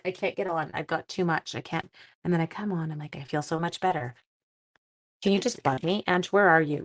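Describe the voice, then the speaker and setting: A woman hosts a casual live crafting stream from her home. She chats freely as she works through a stamping demonstration, giggling and poking fun at herself along the way. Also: on the low side. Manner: chatty and giggly, laughing at herself.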